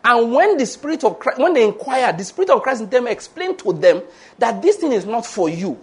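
Pastor preaching, high voice, jokey, laughs a lot. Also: male voice, a little fast, breathy edge. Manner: animated and humorous, laughing often, acting out quoted voices. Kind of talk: sermon.

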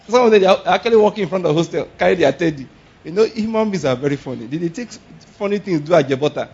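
A man preaching with animated energy, acting out little exclamations and laughing between points. His voice sits high and swoops widely, with a slightly husky edge. The recording sounds dull and lo-fi. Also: normal speed, long pauses. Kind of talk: sermon.

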